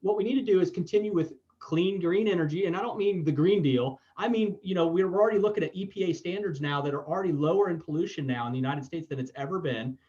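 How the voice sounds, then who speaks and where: A man's voice: sits high, quick pace, hardly any pauses, mellow, muffled recording. A podcast host from Florida, talking in a blunt, opinionated way and swearing as he chats. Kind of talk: casual opinionated chat.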